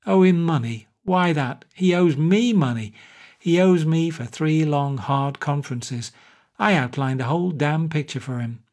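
A man's voice: a little high, unhurried, a little mellow. A man reading aloud and voicing a drunk, boastful middle-aged male playwright with slurred speech. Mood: indignant.

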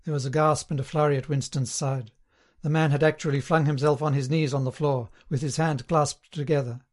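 A man narrating an audiobook in a steady, measured way. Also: fairly high pitch.

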